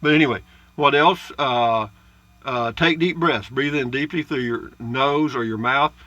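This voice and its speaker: Speaking a little slowly, the male RV vlogger has a mid-range voice that comes across pushed and bright, with no room sound and the highs cut off. He's chatting casually over viewer comments in his travel trailer, folksy and rambling, often adding uh's and asides.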